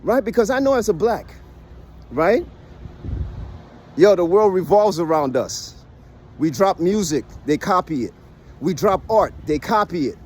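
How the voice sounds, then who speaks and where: A US vlogger with a high, somewhat dark voice and lively intonation lectures his viewers in a casual monologue to the camera, unhurried and pausing often. Emphatic and persuasive, he repeatedly asks "right?" as he makes his case, against slight background noise.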